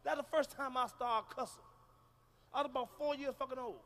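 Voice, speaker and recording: Stand-up comic, male, high bright voice, brash and profane, live in a reverberant hall. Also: fairly even intonation, a little fast. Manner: loud, profane, shouting punchlines. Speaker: stand-up comedian. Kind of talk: stand-up comedy routine. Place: large concert hall with audience.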